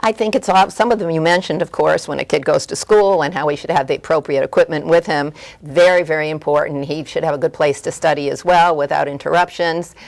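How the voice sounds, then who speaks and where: A woman's voice: deep voice, fairly even intonation, fairly quick, vocal fry, hardly any pauses. A middle-aged woman, a former school guidance counselor, earnestly giving parenting advice as a talk show guest and acting out parents and children.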